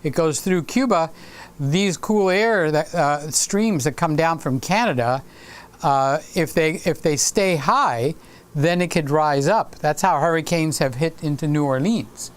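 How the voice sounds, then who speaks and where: A man's voice: a little high, unhurried, clear, resonant tone. A man in his late sixties hosting a casual live stream, rambling and stopping to greet viewers by name. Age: 60s.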